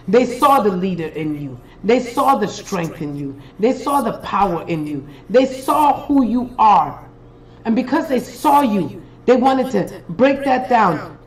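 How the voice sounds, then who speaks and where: A woman speaks in a slightly high voice. She gives an emphatic, preachy and profane motivational talk on a live stream. She calls her viewers "baby" as she coaches them. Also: low-quality recording. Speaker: spiritual reader and live-stream host.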